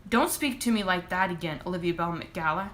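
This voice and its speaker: A woman's voice: lowish voice, brisk, a bit bright, a little hiss or hum, lightly acted. A woman reading aloud and voicing a stern, tearful mother who scolds her daughter firmly. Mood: scolding. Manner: scolding and firm.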